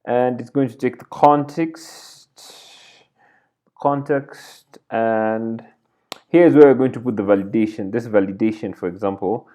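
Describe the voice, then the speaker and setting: This coding instructor, medium in pitch with a dark tone, takes an unhurried approach in his screencast, working at a computer indoors. He narrates his thinking while typing and keeps saying "right?" and "like this".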